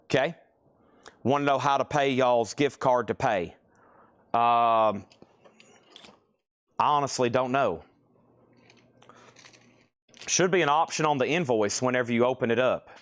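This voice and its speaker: A man's voice: mid-range voice, a little slow, long pauses, fairly bright tone. A man hosting a live-streamed record sale, calling out bids and repeating item names in a casual, rambling way. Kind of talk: live-stream auction selling.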